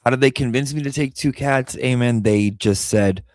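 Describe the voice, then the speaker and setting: A man's voice: medium pitch, moderate pace, no echo, studio quality. A man telling a personal story casually, candid and emotional, repeating himself and swearing now and then. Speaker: vlogger and pet owner.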